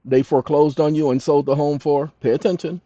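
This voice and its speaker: A fairly high-voiced man lectures his audience with insistent emphasis, slowing down to dictate text word by word. The recording is dry and dull, with a muffled, lo-fi sound. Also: fairly even intonation, no room sound. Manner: emphatic, addresses listeners as "ladies and gentlemen"; slow, deliberate dictation of text. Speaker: channel host. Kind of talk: lecturing monologue to viewers.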